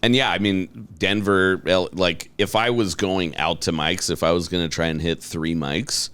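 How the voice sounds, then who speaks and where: A man's voice: deep voice, fairly even intonation, normal speed, fairly bright tone, smooth, no echo. A man in his thirties, a comedian guest on a studio podcast, chatting casually in a laid-back, joking way with lots of fillers. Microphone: studio mic.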